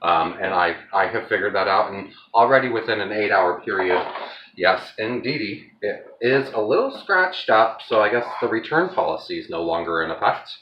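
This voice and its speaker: A man's voice: lowish voice, expressive, normal speed, reverberant, dull audio, slight background noise. A man chatting casually to his viewers while he cooks at home, rambling from one thought to the next. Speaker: home cooking vlogger. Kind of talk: casual cooking vlog chat. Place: home kitchen.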